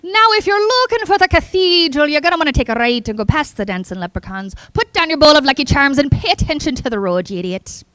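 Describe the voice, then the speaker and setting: A woman's voice: high-pitched, big pitch swings, fast talker, hardly any pauses, a bit bright, dry recording, voice pushed up. A woman voicing a cheeky female GPS navigator with a put-on Irish accent. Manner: cheeky, teasing.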